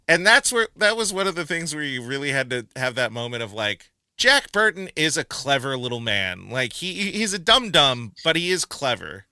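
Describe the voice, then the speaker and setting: A man co-hosting a casual movie podcast, his voice very bright and swinging widely in pitch. He laughs often and acts out lines from the film with relish. The sound is close and dry. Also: very animated, normal speed, smooth, dry recording. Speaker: podcast co-host. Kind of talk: casual movie review chat.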